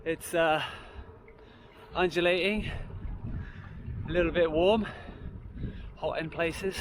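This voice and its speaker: Slow-talking man cycling outdoors. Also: a little high, fairly even intonation. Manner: rambling, chatty asides to viewers, chuckles often. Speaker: touring cyclist vlogger. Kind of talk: casual vlog narration while cycling. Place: outdoors on a country highway, riding a bicycle. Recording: outdoor road and wind noise.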